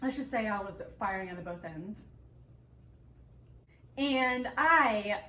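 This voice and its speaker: A woman's voice: medium pitch, brisk. A young adult woman vlogger chatting casually while answering viewer questions, bubbly and giggly, talking with her mouth full. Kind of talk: casual chat. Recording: echoey room with faint background noise.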